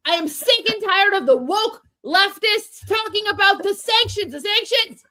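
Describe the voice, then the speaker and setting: An angry male political ranter, as a woman puts him on in a comic impression. He yells at full volume, hammering the same insults and questions again and again. The voice sits very high. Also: animated, unhurried, dry recording, heavily acted. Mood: angry yelling. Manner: yelling, repeating insults and questions.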